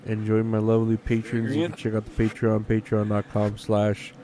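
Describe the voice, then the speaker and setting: A man's voice: lowish voice, completely flat delivery, moderate pace, dark tone. Rambling, profane man hosting a podcast. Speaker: podcast host. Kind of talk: casual solo podcast rant.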